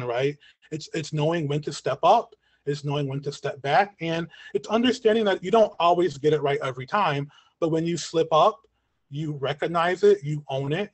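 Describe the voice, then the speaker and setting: A man giving an online lecture as a community educator, earnest and talking in long chains of points, often checking in with a quick "right?", his voice getting worn. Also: fairly high pitch, no echo. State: losing his voice. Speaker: community educator and guest speaker. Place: at home on a video call. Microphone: video call mic.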